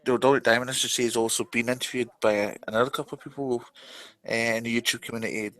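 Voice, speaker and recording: A man's voice: medium pitch, steady tone, quick pace, fairly bright tone. A Scottish man co-hosting a casual fan commentary, easygoing and chatty. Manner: easygoing, chatty, laughs easily. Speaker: commentary co-host.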